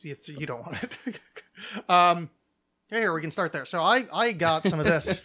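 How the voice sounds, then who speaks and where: A man's voice: on the high side, animated, normal speed, bright, forceful tone. A man hosting a podcast in casual chat, rambling and self-mocking with jokes. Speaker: podcast host.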